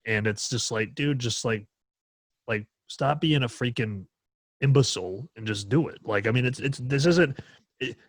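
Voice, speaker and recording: A man's voice: mid-range voice, normal speed, no room sound. A man from New Hampshire hosting a podcast, chatting casually and ranting with plenty of swearing. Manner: profane, animated ranting. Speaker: podcast host.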